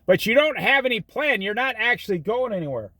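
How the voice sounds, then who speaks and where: A man's voice: high voice, animated, a little fast, pushed and bright, no room sound. A middle-aged man giving folksy, preachy life and money advice, telling stories as he goes. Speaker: host. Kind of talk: casual monologue.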